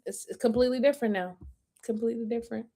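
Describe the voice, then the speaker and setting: A woman's voice: a little high, rapid-fire. A woman hosting a crime commentary stream, emphatically lecturing and repeating her points, and laughing along with her chat. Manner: breaks into loud laughter with chat. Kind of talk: live-stream reaction commentary.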